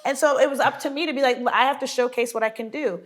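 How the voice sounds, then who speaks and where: A woman who is a sketch comedy cast member chats casually in an interview, talking fast in a high-pitched voice. She tells stories animatedly, acts out quotes, and laughs often.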